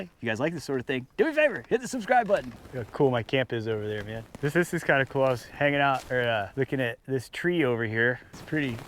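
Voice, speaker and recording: A man's voice: medium pitch, slight background noise. A man chatting casually to the camera at a mountain campsite, talking to his dogs as he sets out snacks. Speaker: outdoor vlogger. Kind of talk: casual camp vlog talk.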